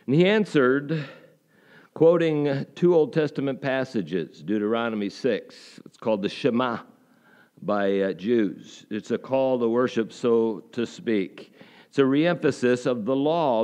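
A man's voice: medium pitch, darkish tone. A man preaching a sermon in a church, conversational and folksy, with rhetorical questions and frequent fillers. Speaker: pastor.

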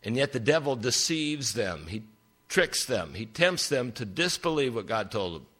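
An older man preaching a sermon, telling stories with big swings in pitch for emphasis. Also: very animated, normal speed, pushed and bright.

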